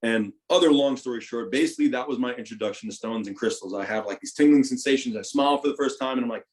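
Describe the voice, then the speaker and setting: A young man tells his story as an interview guest, animated and profane, with a voice at an ordinary middle pitch. His volume swings between loud bursts and hushed asides as he talks. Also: fast talker. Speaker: podcast guest, retired football player.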